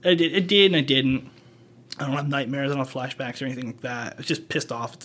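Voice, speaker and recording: A man's voice: mid-range voice, fairly even intonation, quick pace, a bit bright. A man, a medic guest on a podcast, telling a blunt, profane story in casual conversation.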